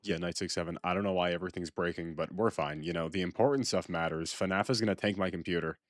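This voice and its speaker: A man streaming a horror game live, rambling with repetitive, sarcastic mock calm as he talks to chat. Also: deep voice, fast talker, no room sound, studio quality.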